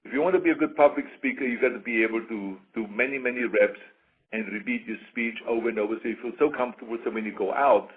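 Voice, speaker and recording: A man's voice: medium pitch, quick pace. Emphatic man on a tinny line. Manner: emphatic, repeats points, acts out quoted voices. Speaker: interview guest. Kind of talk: casual interview talk. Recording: tinny phone-like radio sound.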